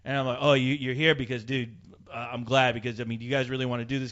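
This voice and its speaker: A man's voice: medium pitch, quick pace. A man telling a story in casual chat, swearing a lot, acting out the people in it and laughing often. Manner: profane, animated, laughs often. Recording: dull lo-fi sound.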